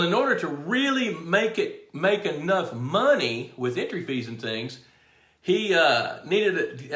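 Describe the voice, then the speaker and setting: A middle-aged man hosts a live stream in an easy, folksy storytelling way. His voice sits a little high and sounds bright and forward. The room around him rings with echo. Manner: folksy storyteller, greets viewers by name. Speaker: show host. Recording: echoey room.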